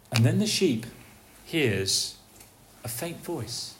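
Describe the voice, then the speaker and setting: A man preaching a sermon, asking his listeners rhetorical questions and swinging between soft, hushed lines and raised, calling ones. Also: medium pitch, very animated, slow, pauses often, a little hiss or hum.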